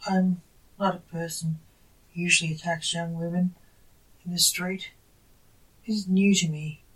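A masked male necromancer, playful and self-mocking, as a storyteller reads him. He speaks slowly and evenly, a little distant from the microphone. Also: mid-range voice, flat delivery, fairly bright tone, natural voice. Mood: teasing. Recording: reader distant from the mic.

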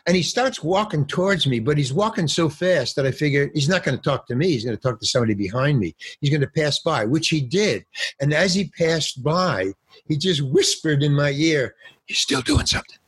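A man's voice: fairly high pitch, lively intonation, fairly quick, breathy edge, dry recording. An older actor telling rambling anecdotes in a casual interview, acting out the lines of people he quotes. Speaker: actor and guest.

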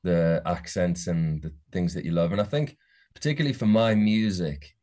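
A musician with a soft Geordie accent, chatting casually in an interview and rambling through many restarts. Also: male voice, sits low, moderate pace. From Newcastle, England. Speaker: musician guest.

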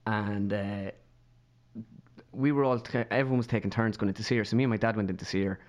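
A man's voice: fairly low pitch, fast talker. Laughing Irish man telling a story. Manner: animated, laughing storyteller doing voices. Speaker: podcast guest. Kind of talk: casual storytelling chat.

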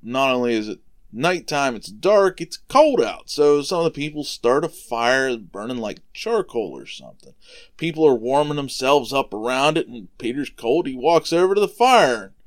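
A man hosting a podcast, casually retelling a Bible story for children, relaxed and conversational, explaining things simply. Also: mid-range voice, normal speed. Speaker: podcast host retelling Bible stories for kids.

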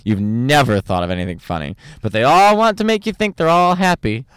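Male stand-up comic, animated podcast chatter, smooth clear voice. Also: mid-range voice, dry recording, clean studio sound. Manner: animated, rapid, full of restarts and impressions. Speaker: stand-up comedian. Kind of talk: casual podcast chat.

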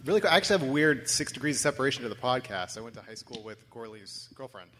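A man's voice: medium pitch, lively intonation, very fast, a bit bright. A man in a live audience asking a question, hesitant and flustered. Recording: reverberant live venue.

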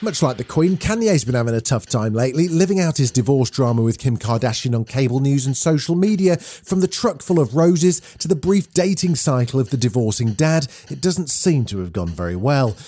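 A man hosting a daily news podcast, reading scripted stories in a brisk, clear newsreader delivery. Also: mid-range voice, lively intonation, dark tone.

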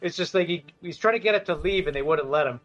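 Brief: male co-host, wry asides, slightly high voice, dull lo-fi audio. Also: fast, fairly bright tone. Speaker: film commentary co-host. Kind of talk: casual movie riffing.

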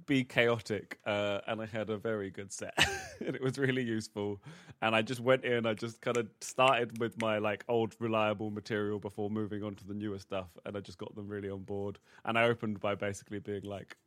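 A man's voice: on the low side, animated, brisk, a bit bright, a little hiss or hum. A man who is a comedian co-hosting a podcast over a remote call, telling stories in a loose, chatty way. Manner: casual storytelling with laughs, loose and chatty. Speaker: comedian co-host. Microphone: remote call, dry close sound.

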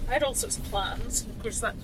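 A woman from Scotland, a passenger chatting casually and warmly, with a self-deprecating edge. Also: fairly high pitch, fast talker. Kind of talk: casual chat. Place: inside a car. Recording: car recording with road noise.

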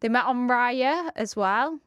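A woman's voice: a little high, expressive, slow, a bit bright, clear, resonant tone, dry recording, highs cut off. An English woman co-hosting a podcast, chatting casually, swearing freely and laughing often. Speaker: podcast co-host. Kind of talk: casual chat.

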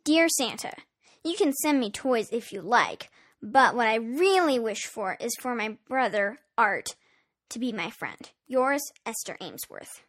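A woman voicing a cheerful young girl in a storybook reading, with an eager, bright delivery. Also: a little high, expressive, measured pace. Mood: fond.

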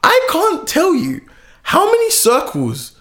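A young man telling his founder story in a casual interview, animated and laughing often. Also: takes it slowly. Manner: animated, laughs often, lively pitch swings.

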